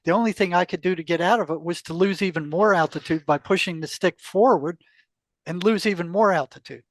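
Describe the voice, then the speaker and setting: High-voiced older man telling a story. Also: brisk, no room sound. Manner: animated storyteller, acts out quoted exchanges, laughs often. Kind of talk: casual storytelling interview.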